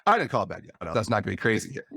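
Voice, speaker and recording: A man's voice: on the low side, big pitch swings, very fast, creaky, sharp tone, husky, no echo, studio quality. A middle-aged man on a podcast, candidly telling a personal story and acting out the dialogue. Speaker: podcast guest.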